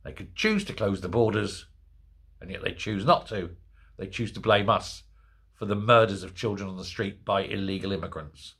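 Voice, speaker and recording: A man's voice: on the low side, normal speed, gravelly, fairly bright tone, husky. A man delivering an indignant, sarcastic political commentary monologue. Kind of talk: ranting monologue.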